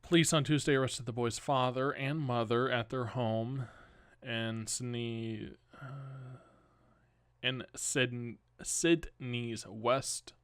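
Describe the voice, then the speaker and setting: A man's voice: mid-range voice, steady tone, takes it slowly, clean tone, no echo, clean studio sound. A young man hosting a podcast at home, reading news stories aloud and adding casual, rambling asides. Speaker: podcast host.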